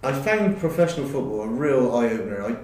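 A middle-aged man and former footballer, recalling his career in a halting, rambling way with many fillers. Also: medium pitch, sing-song, darkish tone. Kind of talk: casual interview chat. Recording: roomy, distant recording.

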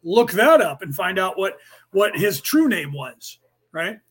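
Man, high voice, podcast host, rambling, emphatic, casual chat. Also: very animated, a little slow, fairly bright tone, husky. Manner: rambling, emphatic, reads listener comments aloud. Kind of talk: casual commentary to an audience.

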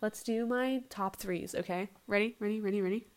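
A young woman runs her own casual solo podcast in a brisk, medium-pitched voice with a darkish tone. She rambles, speaks bluntly and profanely, and isn't using a proper microphone.

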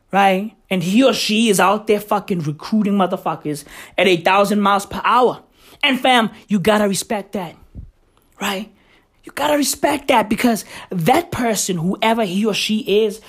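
A woman ranting loudly in a vlog. She swears constantly, and her voice is hoarse and cracking from shouting. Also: mid-range voice. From South Africa. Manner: loud, shouty, swearing heavily. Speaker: vlogger. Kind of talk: profane vlog rant.

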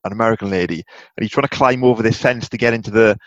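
A man's voice: lowish voice, quick pace, no echo. Chuckling storyteller man, slightly dull recording. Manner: rambling storyteller, chuckles often. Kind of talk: casual chat.

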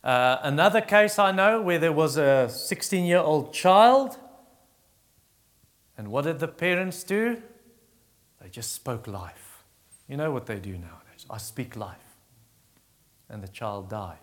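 This preacher has a sing-song delivery that fills a large room as he retells stories from the Bible. He acts out the pleading characters in a higher pitch and eases into a quiet, slow pace for comforting passages. His teaching is halting, full of restarts.

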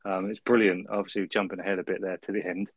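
A man's voice: low voice, level tone, fast, no echo, dull audio. A man co-hosting a casual film review, chuckling and ending lines with tag questions. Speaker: podcast co-host.

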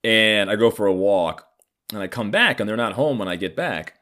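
A man's voice: on the low side, animated, moderate pace, sharp tone. A man in his thirties telling a personal story in a casual, heated and profane way. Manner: profane, heated, acts out others' lines.

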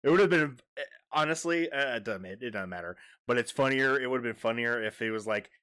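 A man's voice: medium pitch, animated, fairly quick, sharp tone, clear, resonant tone. A man co-hosting a podcast, chatting casually about a TV episode with dry joking asides. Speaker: podcast co-host. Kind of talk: casual chat, recapping a TV episode.

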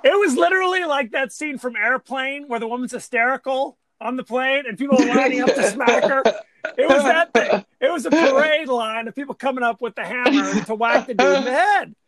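A man co-hosting a podcast, recapping a movie plot with enthusiasm and quick agreements in casual chat. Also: very high-pitched, over a noisy crowd. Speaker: podcast co-host.

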